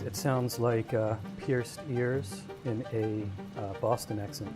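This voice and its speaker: A relaxed man talking through a game livestream, easygoing and a bit rambling. His pitch sits at an ordinary middle level, and faint music plays behind him. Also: slow pace, hardly any pauses. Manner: easygoing, rambling, chuckles to himself. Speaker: game streamer. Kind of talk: casual livestream chat while gaming.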